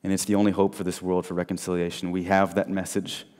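A man preaching an evangelistic sermon, telling stories and swinging between loud and soft. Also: low voice, level tone, fast talker. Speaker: guest speaker. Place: large church hall. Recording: long hall reverb.

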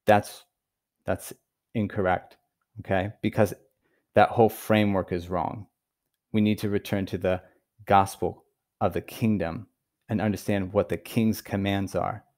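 A man giving an earnest Bible teaching, stressing key words and pausing for emphasis. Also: deep voice, little pitch movement, a little mellow. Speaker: preacher.

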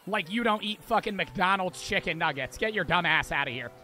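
Crude joking streamer with high voice. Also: male voice, animated. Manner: crude, joking, quick to curse and shout. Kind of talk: live gameplay commentary. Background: game music.

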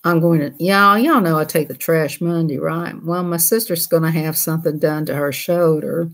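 A woman chats casually with her livestream viewers in a folksy, rambling way. Her voice sits slightly low, and she laughs easily. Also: fairly even intonation, moderate pace. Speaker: livestream host.

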